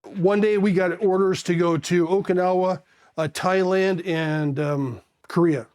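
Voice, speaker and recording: A man in his fifties from California with a notably high voice for a man, recounting his years as a Marine. He rambles and circles back, blunt and casual, and drops a curse word without a second thought. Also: steady tone, unhurried, a little mellow. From California, USA. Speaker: Marine veteran. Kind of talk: candid storytelling.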